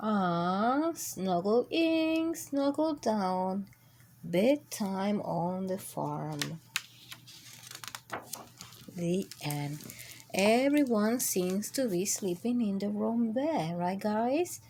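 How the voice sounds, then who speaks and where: A woman reading a bedtime picture book aloud to children, slow and sing-song, jumping into high squeaky animal voices. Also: animated, a little mellow, slight background noise. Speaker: children's storyteller.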